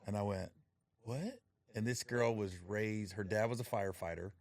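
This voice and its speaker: A man's voice: fairly even intonation, brisk. A middle-aged man in casual chat, telling stories and acting out what people said, often breaking into laughter. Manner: storytelling, acts out quotes with rising pitch and laughter.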